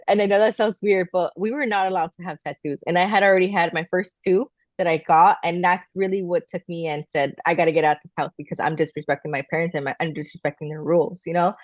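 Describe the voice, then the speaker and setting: Woman telling a lively family story. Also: lowish voice, no echo, lo-fi sound. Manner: animated, acts out quoted voices of family. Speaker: podcast co-host. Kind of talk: casual storytelling chat.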